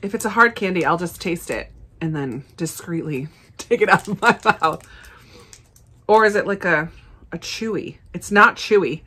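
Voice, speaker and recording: Bright-sounding lady reviewing snacks on camera, chatty and upbeat, laughs a lot. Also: on the low side, expressive, normal speed, breathy edge. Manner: chatty, enthusiastic, frequent laughs. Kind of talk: casual unboxing and tasting vlog.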